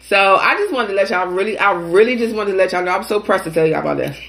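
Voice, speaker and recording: A woman's voice: medium pitch, quick pace, gravelly. A young woman, chatting casually as she eats for a live mukbang audience. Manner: chatty, talking while eating, playful and animated. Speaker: mukbang host.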